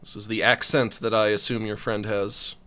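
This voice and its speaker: A man's voice: lowish voice, flat delivery, normal speed, pushed and bright. A man streaming a game, rambling and joking, with panicky yelps when chased. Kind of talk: let's play commentary.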